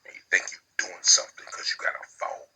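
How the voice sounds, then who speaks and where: A man's voice: quick pace, sharp tone, rough recording. A man giving impassioned spiritual preaching, repeating his phrases like incantations and dropping in crude slang.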